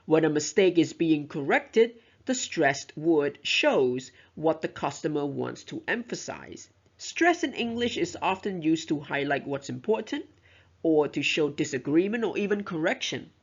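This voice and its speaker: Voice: mid-range voice, expressive, unhurried, breathy edge. A teacher giving a lecture on pronunciation, explaining step by step and modeling example sentences aloud. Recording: dull, lo-fi recording.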